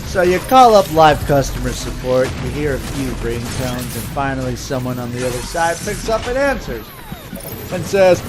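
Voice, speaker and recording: A man's voice: mid-range voice, moderate pace, background noise. A man in his thirties telling a sarcastic, profane comedic rant over gameplay. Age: 30s. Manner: sarcastic, profane, animated storytelling. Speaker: comedic commentator.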